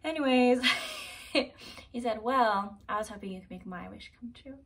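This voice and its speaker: A young woman in her twenties telling a personal story to camera in a casual, chatty vlog, peppered with "like" and quick asides. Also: a little high. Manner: chatty, animated, heavy use of "like". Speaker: vlogger.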